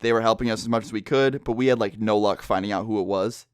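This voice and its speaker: A man's voice: fairly low pitch, fast, smooth, no room sound, studio quality. A young man telling a story on his vlog, keeping his voice down indoors, casual and full of swearing and filler words. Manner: speaks quietly, holding his voice down; loose and profane, lots of filler words. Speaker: vlogger. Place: indoor room with people next door.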